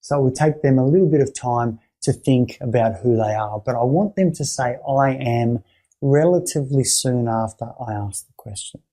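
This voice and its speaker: A man explaining a therapy exercise to fellow clinicians, halting often to repeat words and restart his sentences. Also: medium pitch, mellow. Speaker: therapy trainer.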